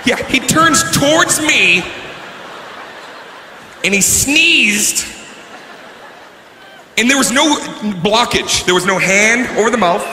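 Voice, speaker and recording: A man performing a stand-up comedy set, animated and breaking into shouts, recorded live on stage. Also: very high voice, normal speed, few pauses. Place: comedy stage before an audience. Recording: live show recording, reverberant hall, faint room noise.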